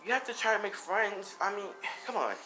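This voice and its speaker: A man voicing a gentle ghost girl, a caring big sister, in a soft, raised, pleading voice. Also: high voice, expressive, fairly quick, over music, pitched above the performer's own voice.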